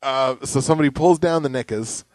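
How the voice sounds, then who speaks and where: A young man co-hosting a comedy podcast, joking around and reading ads aloud with mock yelling. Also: medium pitch, brisk, dry recording. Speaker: podcast co-host. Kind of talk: casual comedic chat.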